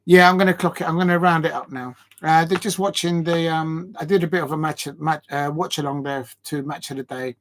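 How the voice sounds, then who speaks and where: A man hosts a late-night football stream from home. His voice sits a bit high. He rambles and laughs, sounding out of breath. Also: fairly even intonation, a little fast, few pauses, a bit bright. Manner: chatty and rambling, laughing between tries at headers. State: tired and short of breath. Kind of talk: live watch-along stream chat.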